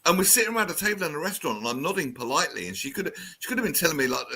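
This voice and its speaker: A man in his fifties from the south of England hosting a radio show, chatting in an animated way and reading out listener messages. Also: on the high side, rapid-fire. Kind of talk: casual radio chat.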